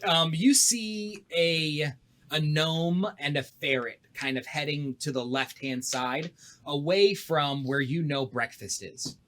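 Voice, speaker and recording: A man narrating as game master in a relaxed way, often saying "excellent". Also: fairly high pitch, slow, a little hiss or hum.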